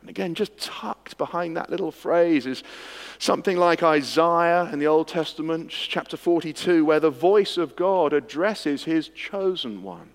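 A man preaching an expository sermon, swinging from hushed moments to emphatic ones. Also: on the high side. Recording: long hall reverb.

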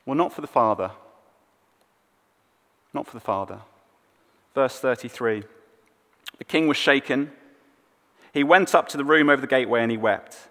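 A male preacher giving a sermon, telling the story expressively and dropping soft on the sad moments. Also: mid-range voice, a little fast, pauses often. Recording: long hall reverb.

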